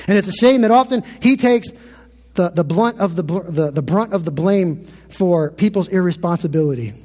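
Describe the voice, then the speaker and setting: A man's voice: sits high, animated, moderate pace, mellow, long reverb tail. A man in his thirties preaching a sermon as pastor, earnest and often repeating words as he builds a point.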